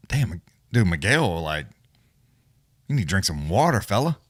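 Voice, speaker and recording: A man's voice: low-pitched, very animated, moderate pace, no echo. A man hosting a live fight watch-along stream, chatting casually and telling rambling, profane stories with chuckles. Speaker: livestream host. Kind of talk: casual profane storytelling chat.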